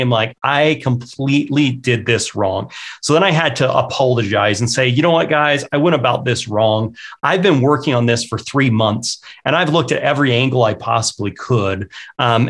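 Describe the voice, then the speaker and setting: A middle-aged man talks openly as a guest, walking through his own missteps story by story. He keeps an ordinary pitch and a relaxed conversational pace, and he slips into quoting himself and others as he goes. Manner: candid, anecdotal, quotes himself often. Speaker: real estate investor and agent, guest.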